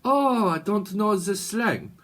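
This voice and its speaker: A man voicing a chatty foreign man who speaks broken English in a halting, sing-song way. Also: mid-range voice, fairly even intonation, lightly acted. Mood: puzzled.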